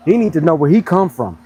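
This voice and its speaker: Animated joking man, fairly high voice. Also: breathy edge, low-quality recording. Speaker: fitness coach and pro bodybuilder. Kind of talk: casual livestream chat.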